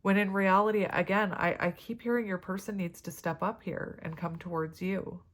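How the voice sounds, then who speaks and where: A woman's voice: medium pitch, steady tone, normal speed. A woman giving a tarot reading to camera, chatty and rambling, with many fillers and side stories. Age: adult parent. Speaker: tarot reader.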